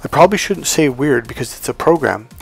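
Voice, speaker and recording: A man's voice: medium pitch, expressive, brisk, gravelly, slightly rough, faint music behind. A man in a life coach role, talking through an example in a casual teaching monologue and acting out the quoted dialogue. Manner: conversational, acts out quoted dialogue.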